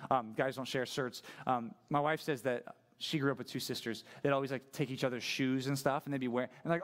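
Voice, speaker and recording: A male pastor preaching a sermon in a casual, conversational, animated way. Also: medium pitch, brisk, few pauses.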